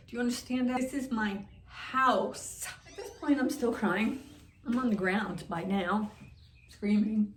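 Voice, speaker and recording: Woman, van-living vlogger, casual storytelling, mid-pitched voice, roomy echo. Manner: animated, repetitive retelling.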